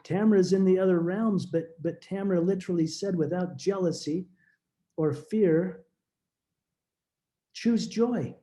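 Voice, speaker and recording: A middle-aged man telling a deeply personal story as a podcast guest, earnest and halting, often restarting his words. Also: steady tone, warm tone.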